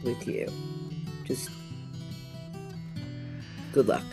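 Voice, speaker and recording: A woman guest astrologer chatting on a radio show, meandering and quick to laugh. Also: music in the background. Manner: slow, meandering, laughs easily. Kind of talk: casual radio chat. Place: radio studio.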